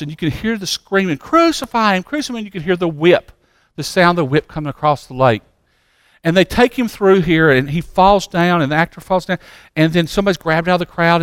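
A man preaching a sermon as pastor, swinging from loud urgent passages to hushed pleading. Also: a little high, clear, resonant tone, dry recording, clean studio sound. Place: church sanctuary.

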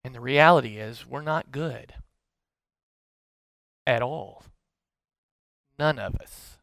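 A man's voice: medium pitch, slow, creaky, fairly bright tone, no echo. A male pastor preaching a sermon, telling the story in an earnest, conversational way and often restarting his words.

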